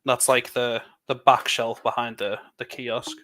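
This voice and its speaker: Bright-voiced chatty English man. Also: medium pitch, level tone. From England. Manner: chatty, rambling, quick laughs. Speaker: livestream co-host building LEGO. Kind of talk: casual chat.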